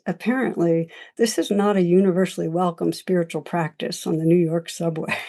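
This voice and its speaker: A woman meditation teacher giving a gentle, reflective dharma talk, laughing often as she speaks. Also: lowish voice.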